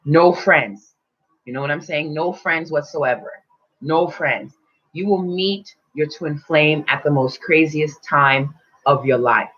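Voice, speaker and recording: Husky woman telling a story, lo-fi. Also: sits low, takes it slowly. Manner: animated, swearing, acts out quotes in loud voices. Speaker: spiritual teacher. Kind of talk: casual storytelling monologue. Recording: dull lo-fi recording.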